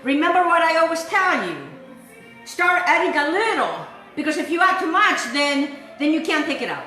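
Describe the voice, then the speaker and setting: A woman's voice: very high voice, animated, normal speed, bright, forceful tone, reverberant, faint music behind. An Italian-accented woman hosting a home cooking show, chatty and playful, talking to viewers as she cooks. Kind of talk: casual cooking demonstration. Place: home kitchen.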